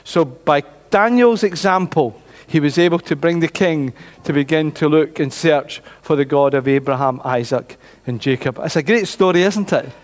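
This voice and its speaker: A man telling a Bible story to a church congregation in an animated storytelling way. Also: on the high side, moderate pace, hardly any pauses. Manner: animated storytelling, voices characters. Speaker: preacher. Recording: reverberant church hall.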